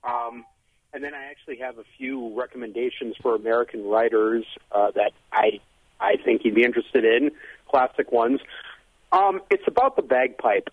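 A man's voice: mid-range voice, moderate pace, slight background noise. A man calling in to a radio show, asking a hesitant question with many fillers. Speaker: caller. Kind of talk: call-in question. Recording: husky telephone line.

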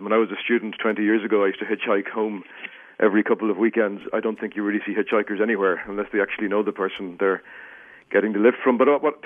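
An Irish man in his forties, a radio guest talking chattily with a self-mocking humor and many restarts. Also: fairly low pitch. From Ireland. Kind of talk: call-in radio interview. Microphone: telephone. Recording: tinny phone line.

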